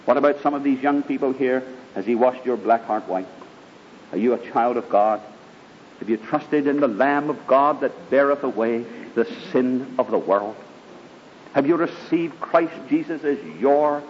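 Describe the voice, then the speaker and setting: A man preaches a sermon, fervently and emphatically recounting his own conversion story. The hall recording is dull and lo-fi, with a faint rumble.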